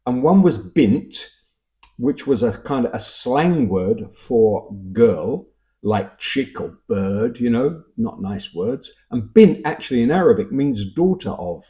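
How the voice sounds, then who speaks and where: A man's voice: mid-range voice, lively intonation, slow, warm tone. An older man with a Cockney accent, reading out viewer comments and answering them in a wry, musing, casual way. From England. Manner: musing, wry, self-interrupting. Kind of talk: casual chat. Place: home in Vienna.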